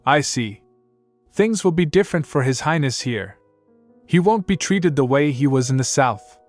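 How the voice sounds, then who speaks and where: A man voicing a calm, steady young empress in a storybook recap, measured and even in speech. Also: on the high side, no echo, soft background music, voice pushed up, lightly acted.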